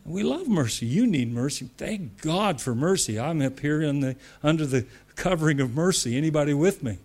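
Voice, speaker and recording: Speaking at a moderate pace with lively intonation and a higher-pitched voice, this American preacher addresses church leaders. He's conversational and repetitive, tossing in asides and building emphatically to loud declarations.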